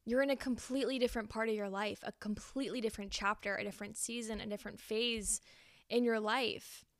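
A woman's voice: fairly high pitch, fairly even intonation, fairly quick, dry recording, studio quality. A young woman hosting a podcast, talking earnestly through a reflective self-help monologue and repeating phrases for emphasis. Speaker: podcast host.

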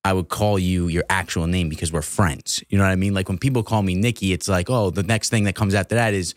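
Man guest, deep voice, dry close sound, rambling casual chat. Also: fairly quick, dry recording. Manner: laid-back, rambling, lots of "like". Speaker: podcast guest.

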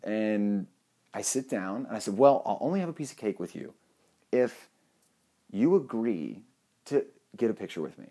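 A young man telling a funny personal story in a casual, animated way, cracking jokes and swearing now and then. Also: lowish voice, moderate pace, pauses often.

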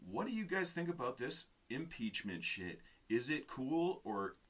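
A man's voice: mid-range voice, very animated, a little slow, fairly bright tone. A man co-hosting a podcast, chatting casually in a loose, profane, offhand way. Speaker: podcast co-host. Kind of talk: casual chat.

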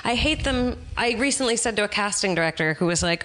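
A woman's voice: medium pitch, steady tone, fairly quick, a bit bright. A woman guest on a podcast, an actress telling blunt, wry stories in casual chat.

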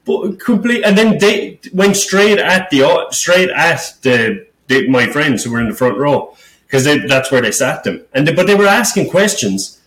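A man's voice: on the high side, very animated, moderate pace, a bit bright. A man who hosts a podcast and does stand-up comedy, telling a story in a worked-up, rambling way and swearing a lot. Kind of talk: casual podcast chat. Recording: roomy echo.

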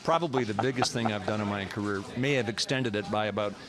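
A man doing a playful, brisk TV sports interview. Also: fairly low pitch. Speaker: sideline TV interviewer. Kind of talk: broadcast interview. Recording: archive TV clip, arena crowd behind.

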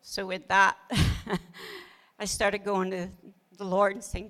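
A middle-aged woman, a pastor's wife, co-hosts a casual ministry talk and tells her story with earnest feeling, often laughing and quoting her own prayers. She speaks slowly at a medium pitch, with a level and fairly bright tone.

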